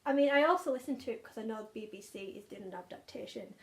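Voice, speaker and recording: A woman's voice: on the high side, fast talker. A young woman, chatting enthusiastically about favourite audiobooks, often repeating words for emphasis. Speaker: book vlogger. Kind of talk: casual chat.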